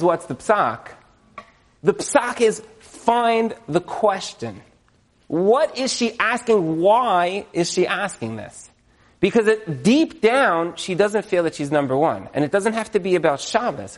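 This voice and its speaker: A man giving a humorous religious lecture in front of an audience. He is animated, jokes, checks in with the listeners, and uses Jewish religious terms. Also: high-pitched, measured pace. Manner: animated, joking, asks the audience questions. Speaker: speaker giving a talk to an audience.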